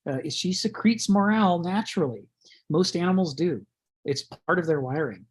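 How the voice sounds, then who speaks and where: A man's voice: sits high, lively intonation, normal speed, slightly rough. A man giving a conversational lecture, rambling, chuckling often and using many fillers.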